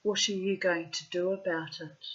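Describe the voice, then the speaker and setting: A woman's voice: lowish voice, steady tone, moderate pace, fairly bright tone, lightly acted. A woman putting on a smug taunting young Englishman. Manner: mock-sinister taunting. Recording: dull lo-fi audio.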